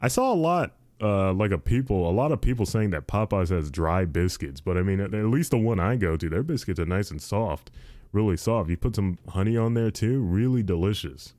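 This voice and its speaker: Young male podcast host, deep-ish and soft-toned, loose rambling chat. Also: expressive, a little fast, dry recording, studio quality. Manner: rambling, repeats himself, says dude a lot. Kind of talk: casual chat.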